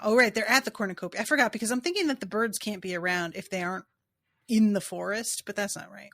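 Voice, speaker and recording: A woman's voice: mid-range voice, brisk, fairly bright tone, no echo, clean studio sound. A woman co-hosting a podcast, casually thinking aloud and reading passages from a book. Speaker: podcast co-host.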